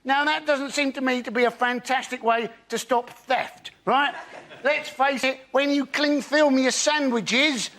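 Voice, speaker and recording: A man's voice: extremely high pitch, fairly even intonation, measured pace, fairly bright tone. A man doing an observational stand-up routine with wry delivery. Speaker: stand-up comedian.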